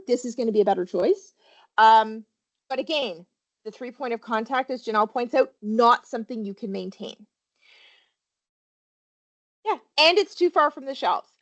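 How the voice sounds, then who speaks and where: A woman safety trainer presenting a webinar, her fairly high voice rising and falling with lively emphasis. She keeps asking her listeners questions as she goes. The audio is muffled and lo-fi. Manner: animated, quizzes listeners with questions.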